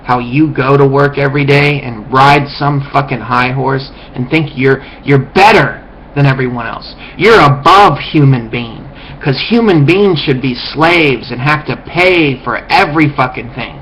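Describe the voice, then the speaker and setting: A man's voice: mid-range voice, a little slow, few pauses, fairly bright tone, a little hiss or hum, rough recording. A man delivering a profane, contemptuous ranting monologue as a vlogger, lecturing his viewers.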